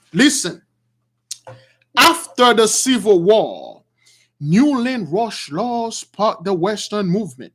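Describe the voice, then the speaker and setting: A man preaching to his followers in an emphatic, repetitive way, swinging between shouts and quiet asides. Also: high-pitched. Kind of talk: street-style sermon.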